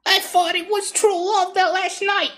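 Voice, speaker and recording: A woman's voice: extremely high pitch, level tone, unhurried, fairly bright tone, voice pushed up. A woman voicing a lovesick young woman who pleads after the lover who left her. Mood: pleading.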